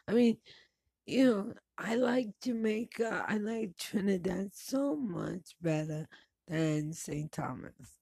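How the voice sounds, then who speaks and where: A woman's voice: expressive, slow, dark tone, no room sound. A woman in her forties talking casually and bluntly to the camera, swearing freely and laughing between stories. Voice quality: low gravelly voice. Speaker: vlogger. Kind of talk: casual personal monologue.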